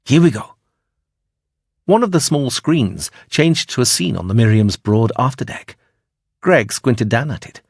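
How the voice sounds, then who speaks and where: A man narrating a science fiction audiobook in expressive storytelling style. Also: medium pitch, no echo, clean studio sound.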